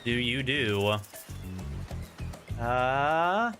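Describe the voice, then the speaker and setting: A man's voice: mid-range voice, expressive, drawn-out words, a bit bright, soft background music. A man streaming a dating game, reading its text aloud with jokey asides and dramatic flair.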